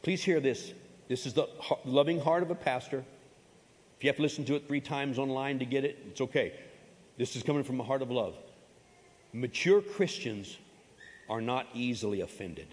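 A man's voice: medium pitch, normal speed, pauses often. A man preaching a sermon as pastor, emphatic and folksy, repeating his key phrases and adding humorous asides. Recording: long reverb of a large hall.

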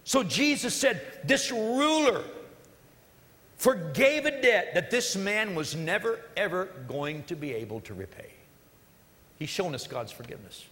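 A man preaching a sermon, retelling a parable with lively storytelling and joking asides to the congregation. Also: high-pitched, unhurried, in a large hall. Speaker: pastor.

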